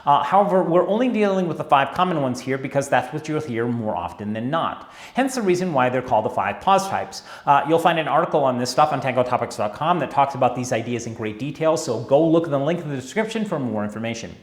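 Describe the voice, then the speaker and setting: A man's voice: medium pitch, lively intonation, fast, few pauses. A man teaching a dance lesson in a chatty, wry way, often checking in with his viewers. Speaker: tango teacher. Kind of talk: instructional video talk. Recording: echoey room.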